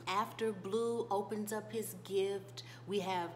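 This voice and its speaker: A woman's voice: medium pitch, steady tone, slow, a little hiss or hum. A young woman gossiping animatedly through a TV episode recap, with laughing asides, on a desk microphone. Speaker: TV show reviewer. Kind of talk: casual recap vlog.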